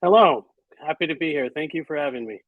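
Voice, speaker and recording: A man's voice: on the high side, lively intonation, fast talker, no room sound, narrow, tinny audio. Earnest reflective man interview guest. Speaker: guest author and physician. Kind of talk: interview conversation.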